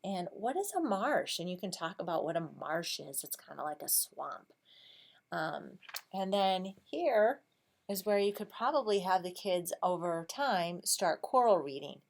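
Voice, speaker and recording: A woman teacher explaining a read-aloud lesson in a patient, unhurried way, with frequent ums. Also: fairly low pitch, creaky.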